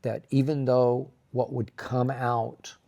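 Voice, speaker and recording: A man's voice: mid-range voice, flat delivery, takes it slowly, vocal fry, warm tone. A man co-hosting a relationship talk show, chatting casually and speaking earnestly about faith. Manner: earnest, reflective, brings faith into it. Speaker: co-host. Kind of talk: casual chat.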